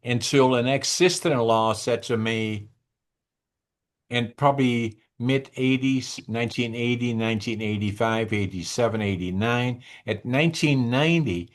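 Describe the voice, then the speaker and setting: An older man from the northeastern Netherlands with a Dutch accent, a native Dutch speaker talking as a guest in an interview, deliberate and halting, with restarts. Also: medium pitch. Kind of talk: interview conversation.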